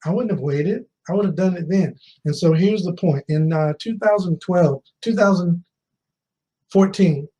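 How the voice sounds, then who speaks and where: Mellow-voiced man telling a story onstage. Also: fairly high pitch, rough recording. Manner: tells a personal story, addressing the audience with questions; repeats key phrases for emphasis. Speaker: conference speaker. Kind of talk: motivational storytelling speech.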